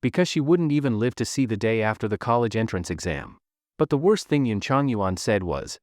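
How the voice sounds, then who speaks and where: A man's voice: on the low side, big pitch swings, a little fast, darkish tone, dry recording, clean studio sound. A man narrating a recap of a web comic in a dramatic storytelling manner.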